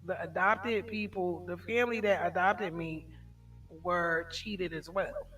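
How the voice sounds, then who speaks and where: A middle-aged woman hosting a casual livestream chat, telling stories in an animated way and laughing often. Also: on the low side, a little slow, slightly rough, distant mic, faint music behind. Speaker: livestream host.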